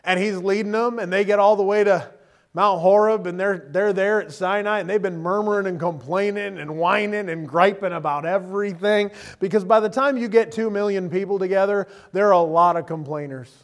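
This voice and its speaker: A man's voice: sits high, brisk. A middle-aged man preaching a sermon in a conversational, humorous way, often checking in with the listeners. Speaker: pastor.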